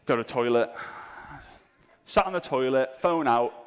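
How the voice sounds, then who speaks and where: Male seminar speaker, jokey and self-mocking, animated delivery, reverberant venue. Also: mid-range voice, normal speed, long pauses, clean tone. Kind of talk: comedic live seminar talk. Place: event room with a live audience.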